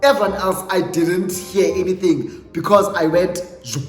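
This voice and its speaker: A South African man spins a dramatic storytime for his channel, switching between English and Xhosa as he goes. His voice sits high for a man. The room is echoey with a long reverb tail, and faint music plays underneath. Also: normal speed. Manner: animated, dramatic retelling, mixing English with Xhosa phrases. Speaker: YouTuber. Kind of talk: storytime vlog.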